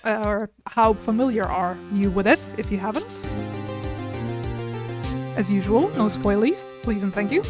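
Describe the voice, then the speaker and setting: A woman's voice: medium pitch, animated, measured pace, long pauses. A woman streaming a game live, chatting casually with her viewers. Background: game music.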